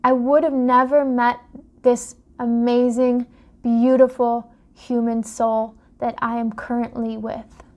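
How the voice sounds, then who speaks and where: A woman's voice: a little high, level tone, takes it slowly, a little mellow. A young adult woman, a life coach, talking straight to her viewers in an impassioned vlog monologue full of rhetorical questions. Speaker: life coach and dream interpreter. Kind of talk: direct-to-camera vlog monologue.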